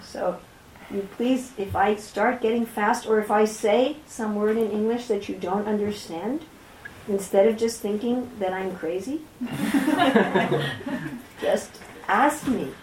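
A middle-aged woman from New York City, reading and explaining scripture to a class in slow, deliberate, very distinct speech. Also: mid-range voice, a little mellow, slight background noise. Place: room with a small class. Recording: roomy echo.

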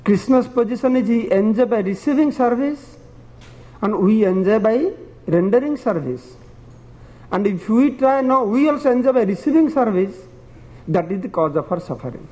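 A man's voice: high voice, expressive, moderate pace, warm tone, big-room sound, low-quality recording. A man preaching a devotional sermon and telling parables in simple, broken phrasing, chuckling at his own stories.

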